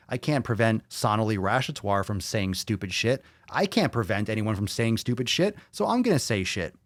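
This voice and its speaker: A man's voice: mid-range voice, dry recording, studio quality. A man hosting a podcast, ranting bluntly and combatively with heavy swearing while reading viewer comments. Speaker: podcast host.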